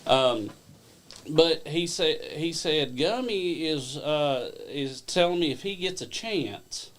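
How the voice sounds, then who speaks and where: A man, a wrestling promotion owner and guest, telling stories in a casual, animated way and laughing along. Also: a little high, slow. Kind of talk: casual storytelling on a live stream.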